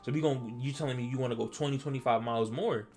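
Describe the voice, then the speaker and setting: Fast-talking man telling a story. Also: medium pitch, soft background music. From Delaware, US. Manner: animated, stammering, acts out his own past lines. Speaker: storytelling vlogger. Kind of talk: casual storytime.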